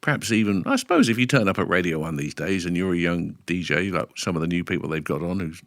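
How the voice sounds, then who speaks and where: A middle-aged radio DJ with a deep voice tells lively anecdotes. He acts out bits of dialogue as he goes. The sound is dry and close. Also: fast, dry recording. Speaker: radio DJ guest. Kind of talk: casual podcast interview.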